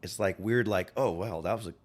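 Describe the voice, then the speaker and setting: Deep-voiced and brisk, this podcast guest speaks with an American Western twang in casual conversation. He rambles, leans on plenty of fillers, and acts out the quotes he tells.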